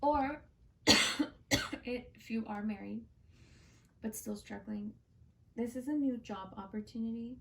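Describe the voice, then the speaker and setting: A woman's voice: a little high, slow pace, vocal fry, pauses often, warm tone, recorded from a distance. Chatty woman giving a tarot reading. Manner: chatty and heartfelt, with many fillers like "like" and "um". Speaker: tarot card reader and channel host. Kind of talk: casual spoken tarot reading.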